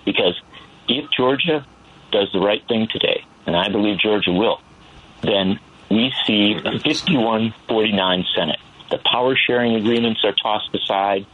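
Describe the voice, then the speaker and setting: A man giving earnest call-in commentary, building passion as he speaks, with a gravelly voice. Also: fairly low pitch, normal speed, a little hiss or hum. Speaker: political commentator. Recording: tinny phone line.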